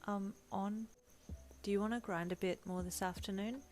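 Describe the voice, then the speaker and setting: A woman voicing a shy, gentle young man who speaks quietly and hesitantly, reassuring his partner. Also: medium pitch, fairly even intonation, normal speed, lightly acted. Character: shy, gentle young male swordsman, soft-spoken.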